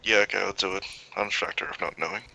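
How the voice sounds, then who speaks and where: Hesitant gravelly male player. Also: fairly low pitch, steady tone, quick pace, pushed and bright, low-quality recording. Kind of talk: tabletop role-play chat.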